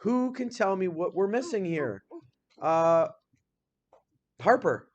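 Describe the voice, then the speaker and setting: A male teacher leading a grammar lesson in a classroom, upbeat and energetic, firing questions at the class and reading example sentences out slowly. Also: high voice, lo-fi sound.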